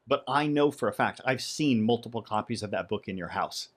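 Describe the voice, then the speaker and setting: Male podcast co-host, middle pitch, playful and chatty. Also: a little fast. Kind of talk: casual podcast chat.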